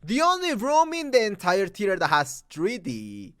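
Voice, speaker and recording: A man's voice: high voice, wildly swooping pitch, normal speed, a bit bright, clear, resonant tone, no room sound, studio quality. A young Mexican man with a Mexican accent, ranting about a movie dub, profane and exasperated with frequent restarts. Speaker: movie reviewer. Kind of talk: angry rant.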